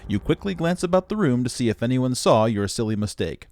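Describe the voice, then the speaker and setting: A man's voice: medium pitch, lively intonation, fairly quick, darkish tone, close to an everyday voice. A man doing a snarky sci-fi game narrator. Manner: mocking, wry.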